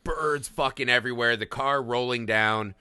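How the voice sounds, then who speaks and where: A man in his thirties co-hosting a film podcast, his voice very bright and forceful. He tells stories with animated energy, swears freely and keeps checking in with "right?". The sound is dry and close. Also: mid-range voice, moderate pace, smooth, no echo. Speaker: podcast co-host. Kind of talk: casual film podcast chat.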